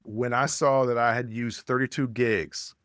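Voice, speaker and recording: A man's voice: medium pitch, fairly even intonation, unhurried, fairly bright tone, clean tone, no echo. Guy hosting a podcast, mid voice, dry close mic, goes big on the stories. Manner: storytelling, emphatic, addresses listeners. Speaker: podcast host. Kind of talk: casual chat.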